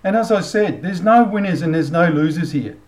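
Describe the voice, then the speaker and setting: A man's voice: on the high side, expressive, fairly quick, poor audio. A middle-aged Australian man hosting a commentary channel, ranting bluntly with casual swearing, then leading a prayer. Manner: blunt, heated, swears freely. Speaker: channel host.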